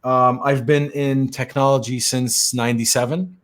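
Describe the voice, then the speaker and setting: A man's voice: medium pitch, level tone, moderate pace. A middle-aged man from Lebanon, hosting a podcast and chatting in an easygoing way, with lots of fillers and restarts. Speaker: podcast host and tech consultant. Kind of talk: casual podcast chat.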